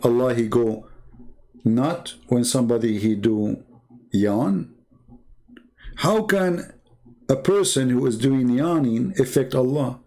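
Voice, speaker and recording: Gravelly-voiced man mocking with rhetorical questions. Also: mid-range voice, slow pace, pauses often, mellow. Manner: non-native English grammar. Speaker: Christian debater. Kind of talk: argumentative debate talk.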